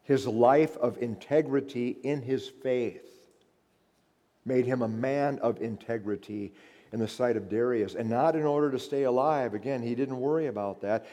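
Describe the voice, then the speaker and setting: A male pastor preaches with fervent emphasis and calls his listeners beloved. His voice sits at a middle pitch and carries a long reverb, as if filling a large hall. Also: mellow. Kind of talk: sermon.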